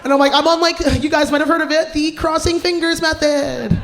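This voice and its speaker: A woman performing a live stand-up comedy set, animated and profane, acting out the men she has dated. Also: high voice, a little fast. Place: cinema stage before a live audience.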